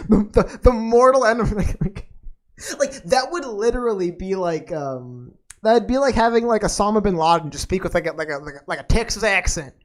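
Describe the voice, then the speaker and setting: A woman's voice: mid-range voice, expressive, moderate pace. A woman hosting a podcast in casual chat, rambling off on tangents with a slangy, laid-back manner and plenty of fillers and restarts. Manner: laid-back and slangy, calling listeners dude and man. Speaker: podcast host.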